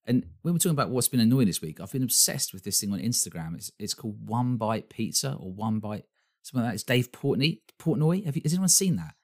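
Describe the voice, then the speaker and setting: A man co-hosting a podcast in casual chat, telling stories in a rambling, animated way with many restarts. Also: medium pitch, fast talker. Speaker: podcast co-host.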